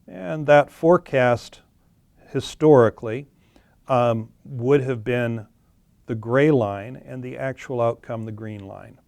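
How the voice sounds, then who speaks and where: A man's voice: mid-range voice, takes it slowly, creaky, a little mellow, no echo. A man explaining charts in a webinar, plainly and with some fillers and self-corrections. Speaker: webinar presenter. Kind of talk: webinar presentation walking through charts.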